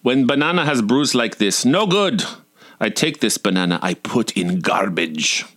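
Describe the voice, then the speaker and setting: Man doing a Russian accent, older woman waitress, stony and blunt, bright forceful tone, clipped broken English, pitch swinging widely. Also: animated, unhurried. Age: 60s.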